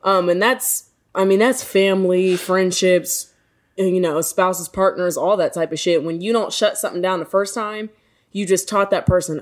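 A woman's voice: on the low side, fairly even intonation, moderate pace. A woman talking frankly and laughing easily in a casual chat among friends.

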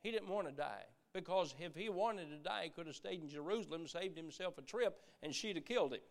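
A middle-aged man preaching a sermon, earnest, repeating words as he goes and dropping from loud emphasis to a hush. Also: fairly high pitch, fairly quick, creaky.

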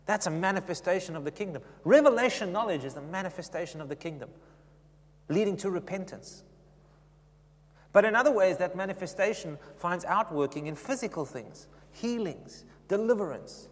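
Animated preacher, slightly high man's voice. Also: normal speed. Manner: animated, conversational, asks the congregation questions. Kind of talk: sermon. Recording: long echoey reverb of a hall.

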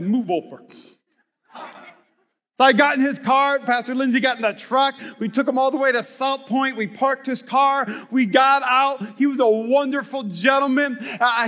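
A high-pitched man preaches from the stage of a large church, and his voice rings out through a long, echoing hall. He moves between lively storytelling and sudden shouted bursts. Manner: energetic, shouting bursts, storytelling with acted-out dialogue. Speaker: pastor. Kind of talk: sermon.

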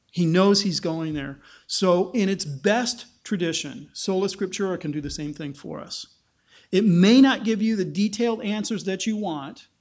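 High-voiced man preaching casually. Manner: informal, explaining, with fillers and restarts. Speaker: pastor. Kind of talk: conversational sermon teaching.

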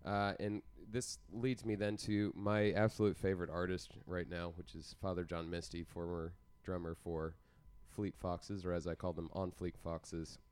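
A man with a low, smooth and clear voice talks through new music releases in a loose, rambling way. He jokes often and keeps filling the pauses with "uh" and "um". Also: little pitch movement, darkish tone. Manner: rambling, jokey, many fillers. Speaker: podcast co-host. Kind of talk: casual music chat.

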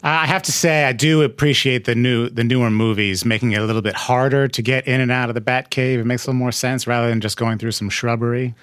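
A man with a middle-pitched voice, talking in a wry, teasing way among friends. He drops little jokes and quick impressions. His voice sounds close and dry. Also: steady tone, a bit bright, no echo. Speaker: podcast co-host. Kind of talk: casual chat.

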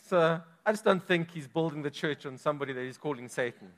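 A man's voice: a little high, quick pace, a bit bright. A man preaching a sermon as pastor, emphatic, with his volume swelling and dropping. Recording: long reverb of a large hall.

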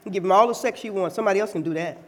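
A woman preacher giving a lively, playful sermon in a church, teasing her listeners as she makes her points. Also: medium pitch, rapid-fire. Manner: playful, teasing, animated delivery.

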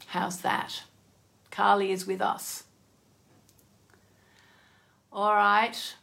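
A woman hosting a casual live-stream card reading, chatty and effusive, reacting emotionally aloud and drifting between soft near-whispers and excited exclamations. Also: fairly high pitch, gravelly. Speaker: oracle card reader and host.

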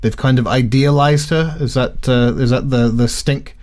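A man co-hosting a relaxed comedy podcast. He talks with a dry, deadpan sarcasm and a playful grumpiness, his voice sitting at an ordinary middle pitch. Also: normal speed. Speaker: podcast co-host. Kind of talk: casual comedic chat.

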